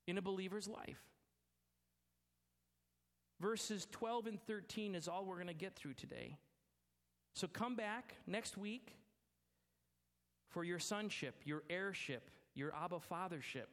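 A man preaching a sermon as pastor, emphatic, slowing down and dropping his voice low to stress key words. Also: fairly bright tone. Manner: emphatic preaching, slows and drops low for weight. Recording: long hall reverb.

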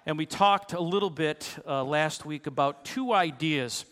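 A pastor preaches with playful self-deprecation while coaxing the congregation into a sung round, a sermon that includes congregational song leading. His voice is a little high, a little slow, and fairly bright. The recording has the long reverb of a large hall.

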